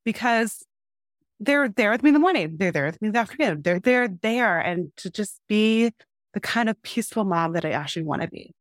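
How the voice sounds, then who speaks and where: Young mother on a call, mid-pitched, candid and rambling, dry sound. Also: expressive, brisk, no room sound. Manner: candid, rambling, acts out her kids' lines. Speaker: caller, mother of two young kids. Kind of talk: casual coaching conversation.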